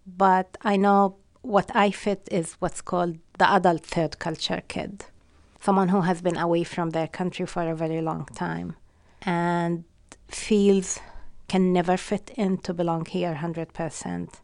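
A woman calmly and thoughtfully reflecting on belonging in an interview. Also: fairly low pitch, unhurried, no echo.

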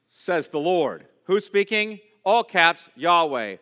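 A man delivers a sermon in a bright, somewhat high voice. His pitch moves a lot as he builds emphasis, with long dramatic pauses. He preaches slowly and deliberately. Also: big pitch swings, smooth, long reverb tail. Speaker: pastor.

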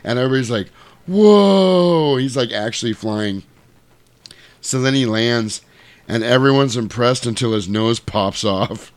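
A man's voice: medium pitch, normal speed, no echo. A man casually retelling a cartoon with crude, profane humor. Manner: profane, animated, lots of voices.

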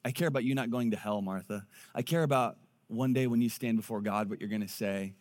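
A man voicing a calm male teacher who answers a complaint in a low, measured, gently ironic tone. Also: natural voice. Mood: gently chiding.

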